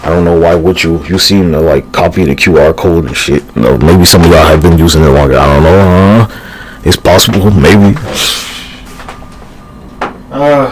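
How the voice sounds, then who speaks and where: A man's voice: low voice, moderate pace, long pauses. A man rambling through a livestream monologue, profane and slangy, drifting between thoughts with sighs and fillers.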